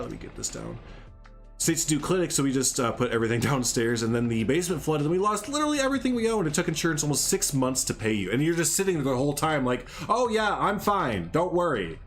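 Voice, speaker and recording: A man hosting a casual gaming livestream, chatting in a rambling, sarcastic, joking way. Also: medium pitch. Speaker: livestream host.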